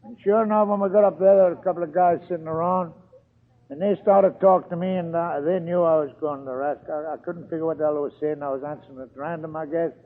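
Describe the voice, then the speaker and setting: A man's voice: a little high, steady tone, quick pace. An older man telling his recovery story as an AA speaker, earthy and storytelling, acting out the dialogue. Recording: tinny lo-fi archive recording.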